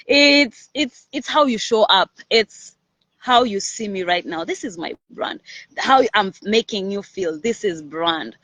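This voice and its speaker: A woman with a mid-range voice hosts a personal branding series, speaking casually and confidently to her audience in a motivational talk to camera. She's energetic and animated, frequently checking in with "all right?". The recording is low quality but has no echo.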